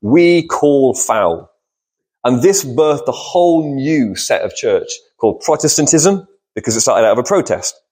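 A man's voice: mid-range voice, lively intonation, moderate pace, darkish tone. A man preaching a sermon in a church, talking with the congregation, asking questions and answering them himself.

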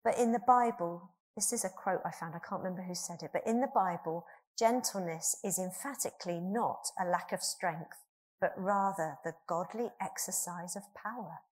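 A woman's voice: fairly low pitch, normal speed, darkish tone. A middle-aged woman preaching a sermon to her church, earnest and asking the congregation questions.

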